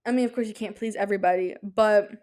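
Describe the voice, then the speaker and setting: A young adult woman hosting a podcast in casual chat, talking in an excitable, rambling way with many fillers. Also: mid-range voice, quick pace. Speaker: podcast host.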